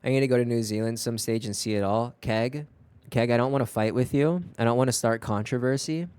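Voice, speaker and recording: A man streaming from home, chatting casually with viewers in a rambling, profane, animated way. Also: mid-range voice, a little fast, clear, resonant tone, no echo.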